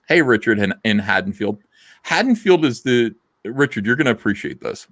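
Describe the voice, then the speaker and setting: A rambling, profane man from hosts a live stream, reading chat out loud. His voice sits lowish and swings up and down a lot. The sound is dry and close. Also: lively intonation, a little fast, no echo. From South Jersey, USA. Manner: rambling, profane, lots of fillers.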